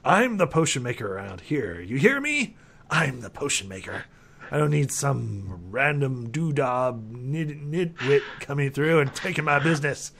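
A man's voice: mid-range voice, lively intonation, measured pace, gravelly, slight background noise. A man voicing a cranky, not-quite-sane male alchemist who blusters and accuses. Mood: indignant. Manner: blustering, paranoid, shouty.

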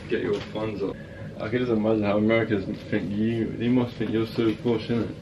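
A man's voice: on the low side, little pitch movement, a little fast, muffled recording. A young man, teasing in laid-back slang. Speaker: boyfriend. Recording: distant mic with background noise.

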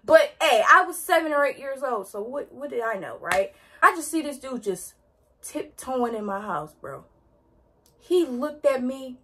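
Young woman w/ aave, slangy dramatic storytime, high bright voice, kinda breathy. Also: unhurried. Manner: animated, slangy, dramatic retelling. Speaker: vlogger. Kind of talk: casual storytime.

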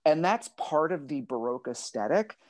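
A man's voice: fairly high pitch, very animated, moderate pace, a little mellow, no echo. A man, a librettist and translator, talking about his work over a video call in a thoughtful, digressive, wry way.

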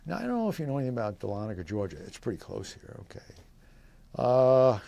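A man's voice: mid-range voice, wildly swooping pitch, quick pace, vocal fry, warm tone, dull audio. A man in his eighties, a veteran, recalling his service in an oral history interview, rambling with fillers and short laughs. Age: 80s. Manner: voices quoted people in livelier tones.

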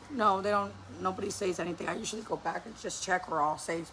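Lively, profane mom telling a story. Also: female voice, mid-range voice, quick pace, slight background noise. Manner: animated, profane, acts out quotes. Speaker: mother vlogger. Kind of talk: casual storytelling vlog.

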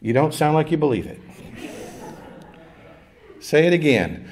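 A man's voice: a little high, big pitch swings, measured pace, a little mellow, slight background noise. A male pastor giving a conversational sermon in a church, with jokes and call-and-response with the congregation. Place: church sanctuary.

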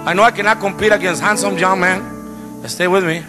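A middle-aged male pastor telling stories in a sermon, animated with playful asides. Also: high-pitched, a little fast. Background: piano music.

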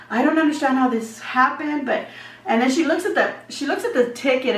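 A woman chats through a storytime vlog in a loose, animated way and plays every part of the exchange herself. Her voice sits a little high. She sounds set back from the mic in an echoey room with a faint hum underneath. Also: gravelly, recorded from a distance. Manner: animated retelling, acts out dialogue. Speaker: vlogger. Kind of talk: casual storytime chat.

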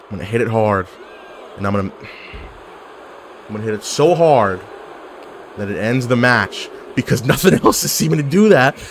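Male gaming YouTuber, playful trash talk, lively pitch, mid-range voice. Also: normal speed, pauses often, a little hiss or hum. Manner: animated, yelling at the game, joking. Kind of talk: casual gameplay commentary.

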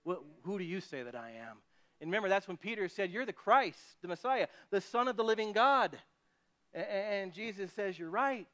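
A man preaching a sermon as pastor, animated, often acting out the voices of people he quotes. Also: high voice, normal speed.

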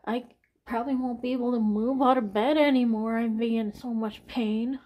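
Halting, anxious woman in her forties. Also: a little high, steady tone, warm tone. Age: 40s. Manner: halting, swearing, sighing, repeats herself. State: anxious, near tears. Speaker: vlogger. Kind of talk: candid personal vlog talk.

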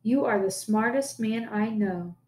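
A woman reading aloud as a blunt, scornful farmer's wife in a folk tale, voicing her in a raised, higher scolding tone. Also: unhurried, darkish tone, echoey room, lightly acted.

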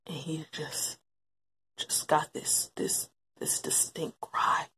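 An interviewee gives emotional, reflective testimony about her brother, repeating phrases for emphasis. She speaks slowly, and her tone is bright and forceful.

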